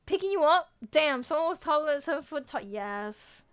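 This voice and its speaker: A woman's voice: sits high, lively intonation, normal speed. A young woman VTuber chatting casually with her viewers, playful and teasing, laughing often and cutting herself off mid-sentence. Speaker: VTuber streamer. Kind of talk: casual stream chat, answering viewers.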